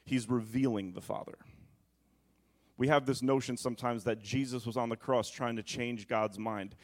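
A man's voice: medium pitch, steady tone, normal speed. A male pastor preaching a sermon, reading scripture aloud dramatically and breaking off into asides to the congregation.

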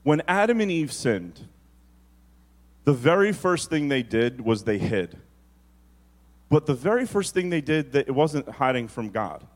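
A man preaching a sermon as pastor, moving from quick storytelling to slow, drawn-out emphasis on key phrases. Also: mid-range voice, sing-song.

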